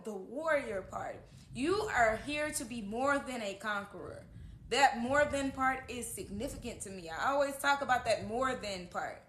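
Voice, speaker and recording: A woman's voice: fairly high pitch, a bit bright, a little hiss or hum. A woman giving a casual tarot horoscope reading, earnest and encouraging, often checking in with "okay?", recorded in an echoey room at home. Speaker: tarot reader.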